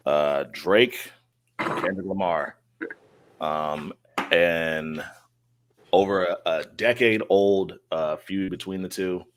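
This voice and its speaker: A man co-hosting a podcast in casual chat, speaking haltingly and filling gaps with "uh" and "um.". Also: low voice, fairly even intonation, a little hiss or hum. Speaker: podcast co-host.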